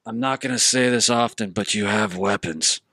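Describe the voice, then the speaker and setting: A man's voice: fairly low pitch, moderate pace, pushed and bright, no echo, clean studio sound. A man running a tabletop game for friends, rambling with restarts and laughing asides. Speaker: game master.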